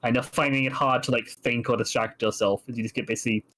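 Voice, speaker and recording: A man's voice: medium pitch, fairly even intonation, fast talker, fairly bright tone, slight background noise, poor audio. A man narrating as game master of a tabletop game, laughing often as he describes what happens.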